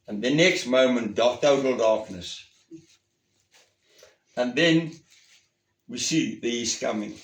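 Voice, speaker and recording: A slow, deliberate male pastor delivers an earnest sermon. He presses his points, then falls to a hushed, intimate tone. His voice rings through a roomy church hall. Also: medium pitch. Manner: earnest, emphatic, swings from raised to hushed.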